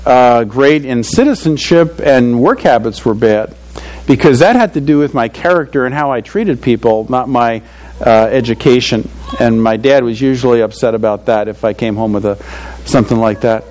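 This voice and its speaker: A man's voice: medium pitch, moderate pace, darkish tone, poor audio. An older man preaching a sermon to fathers in a conversational, earnest way, often saying "you know" and chuckling at his own stories. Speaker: pastor.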